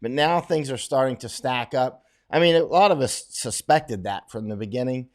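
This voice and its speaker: A middle-aged man runs a casual livestream, reading viewer questions aloud in a mid-range voice at a moderate pace. His answers ramble, carry strong opinions, and often restart.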